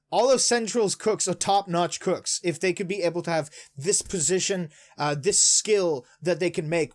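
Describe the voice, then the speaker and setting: A man casually recapping and reacting to a manga chapter, rambling excitedly with lots of fillers. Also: fairly high pitch. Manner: excitable, rambling, many fillers, retells scenes with "he's like". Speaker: manga reviewer.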